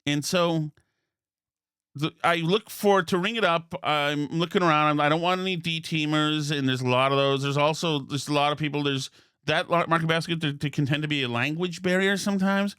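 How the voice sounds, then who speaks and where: A man hosts a comedy podcast, winding through a story with deadpan, incredulous asides. His voice sits a touch high and rings bright and forceful. The close mic sounds dry. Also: normal speed, clean tone, dry recording. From Massachusetts. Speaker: podcast host.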